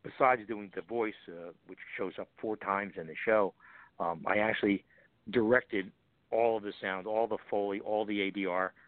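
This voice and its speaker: A man's voice: fairly low pitch, fairly even intonation, normal speed, dry recording. A man, a voice actor guest, telling stories in a chatty interview and acting out quoted lines. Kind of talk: casual interview chat. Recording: tinny phone line.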